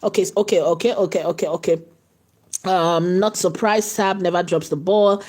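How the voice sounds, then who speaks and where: A woman's voice: lowish voice, fairly even intonation, moderate pace, darkish tone. A woman hosting a live tutorial, chatty and repetitive, full of "you know" and "okay" fillers.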